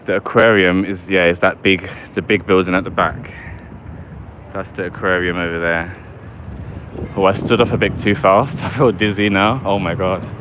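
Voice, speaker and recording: Deep-voiced man rambling on a walk. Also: fairly even intonation, normal speed, fairly bright tone, a little hiss or hum. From London, England. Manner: chatty and rambling, keeps asking "do you know what I mean". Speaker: livestreamer giving a walking tour. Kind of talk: casual live walking vlog. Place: outdoors in a city park by water.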